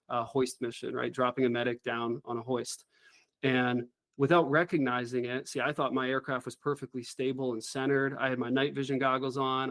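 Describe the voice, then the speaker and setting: A middle-aged man, a former helicopter pilot, telling a story as an interview guest in an earnest, animated way. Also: medium pitch, no echo.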